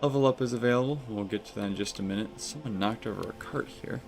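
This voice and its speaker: Stuffy, gravelly man streaming a game. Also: fairly low pitch, fast, soft background music. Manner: chatty, addresses chat. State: stuffy, congested. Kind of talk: live gameplay commentary.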